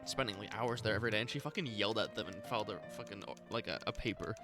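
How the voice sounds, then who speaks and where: Fast-rambling young man, casual chat. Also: fairly low pitch, over music. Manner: rambling, swears a lot, many fillers. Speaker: podcast co-host. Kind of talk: casual chat while gaming.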